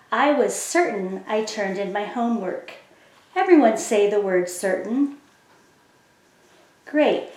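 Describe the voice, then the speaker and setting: A woman teaches young children how to spell a word, speaking slowly and patiently. Her voice sits a little high, and the room around her rings with echo. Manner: slow, clear, encouraging classroom explanation. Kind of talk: phonics lesson for children. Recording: echoey room.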